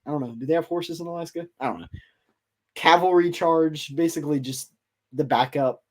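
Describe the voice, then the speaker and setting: Male podcast host, a bit high-pitched, easygoing and rambling as he spins a story. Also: a little fast. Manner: rambling, filler-heavy retelling. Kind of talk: casual storytelling.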